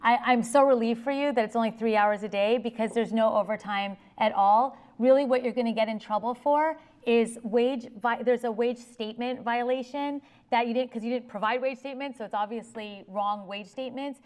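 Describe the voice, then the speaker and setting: A woman attorney speaks to an audience in a library meeting room, taking questions as she goes. Her voice sits slightly high. She talks fast and animated, often breaking off and restarting her sentences. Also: clean tone. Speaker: attorney giving a talk. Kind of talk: informal lecture with audience questions.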